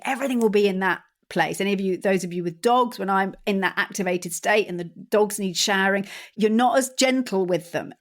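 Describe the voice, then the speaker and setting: A woman hosting a solo podcast, coaching listeners in a calm, deliberate way that often slows and softens. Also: medium pitch. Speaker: podcast host. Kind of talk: solo podcast talk on anxiety.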